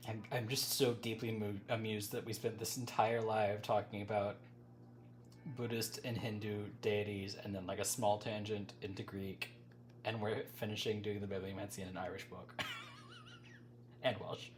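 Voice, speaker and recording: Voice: low voice, level tone, normal speed, soft background music. A livestream host chatting casually with viewers, rambling, breaking off mid-thought and laughing often.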